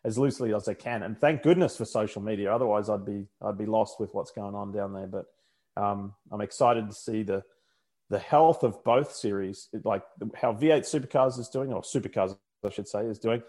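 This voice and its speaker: A man's voice: on the low side, fairly quick, a little mellow. An Australian man, a motorsport commentator, chatting casually and rambling with frequent self-corrections. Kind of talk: casual chat.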